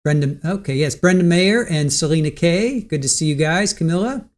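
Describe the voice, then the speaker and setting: A man's voice: a little high, lively intonation, normal speed, darkish tone. A man hosting a casual livestream about a court trial, greeting chat viewers by name and recapping the case with many ums and restarts. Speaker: livestream host covering a trial.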